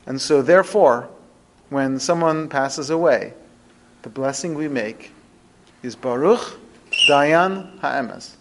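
A man teaching a religious lesson through storytelling, with expressive, dramatic shifts in pitch and loudness. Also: slow pace, pauses often, slight background noise. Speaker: rabbi teaching a podcast lesson.

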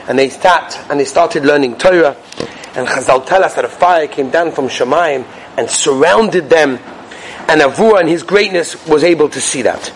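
A man teaching in a yeshiva, giving a sermon full of stories, animated and dramatic, sprinkling Yiddish and Hebrew words. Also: on the high side, moderate pace, slight background noise, rough recording. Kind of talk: sermon with storytelling.

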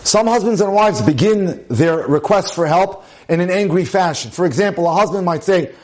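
A man's voice: high voice, moderate pace, a little mellow. A man giving a sermon-style talk on marriage, emphatic and full of rhetorical questions. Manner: emphatic, repeats phrases, asks rhetorical questions.

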